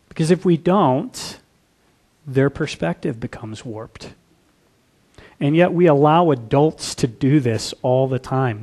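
Animated high-voiced male preacher. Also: husky. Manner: animated, rhetorical questions to the congregation. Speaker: pastor. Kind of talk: sermon.

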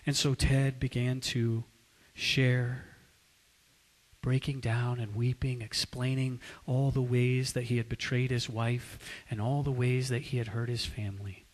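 Husky, slow-speaking preacher in a hall. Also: male voice, mid-range voice, little pitch movement. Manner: dramatic, with swings between loud and hushed. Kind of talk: sermon storytelling. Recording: long hall reverb.

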